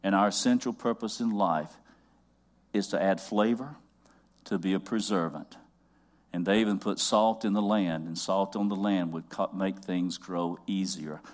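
A man preaching a sermon, using rhythmic repetition and asking the congregation questions, building to loud fervent exhortation. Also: deep voice.

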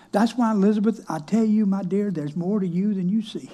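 Stories from his counseling work fill this folksy sermon, delivered by a male pastor in a high, mellow voice at a slightly quick clip. He keeps things colloquial and moves between quoted voices as he tells them.

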